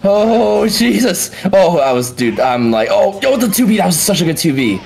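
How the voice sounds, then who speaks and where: A tournament commentator doing excited fighting game play-by-play, yelling and swearing at big moments, then breaking the action down quickly in between. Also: mid-range voice, vocal fry, soft background music. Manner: explosive yelling and swearing, frequent exclamations; calmer fast breakdowns between outbursts.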